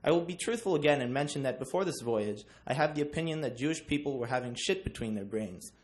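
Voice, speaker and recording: A man's voice: medium pitch, expressive, fast talker. A young man giving a class book presentation, joking with many ums. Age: young adult. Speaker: student presenter.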